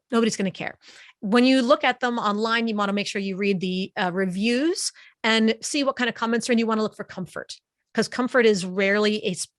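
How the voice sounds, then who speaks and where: A woman giving an online webinar presentation in a lively, conversational way, speaking close to a studio microphone. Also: mid-range voice, no room sound.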